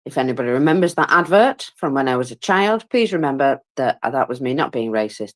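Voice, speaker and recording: A woman with a low voice that swings widely in pitch, talking through a war update in a loose, chatty way. She sounds tired and keeps stifling yawns, yet stays wry and pokes fun at herself between fillers and asides. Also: expressive, a little fast, hardly any pauses. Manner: wry, self-mocking humor. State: tired, yawning. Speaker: war commentator. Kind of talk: casual live audio-room commentary.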